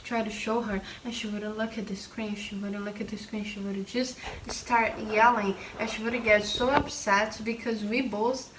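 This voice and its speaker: A woman's voice: medium pitch, flat delivery, echoey room. Hesitant woman, distant faint-noise mic. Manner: hesitant, halting English with fillers. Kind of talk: casual storytime chat.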